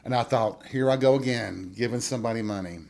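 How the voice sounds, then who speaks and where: A man's voice: medium pitch, fast talker, gravelly, darkish tone. A man hosting a podcast, telling a personal story in a candid, wry way and swearing freely as he speaks straight to his listeners. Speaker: podcast host.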